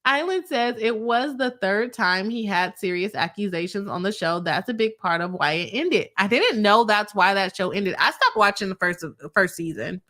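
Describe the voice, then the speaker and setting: A woman's voice: mid-range voice, animated, normal speed, hardly any pauses, bright, forceful tone. A woman hosting a casual live stream, reading out viewer comments and laughing often between her remarks.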